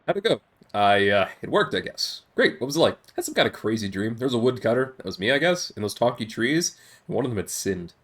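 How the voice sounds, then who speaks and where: Streamer reading game text aloud and reacting, amused, casual. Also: male voice, mid-range voice, big pitch swings, fast, fairly bright tone.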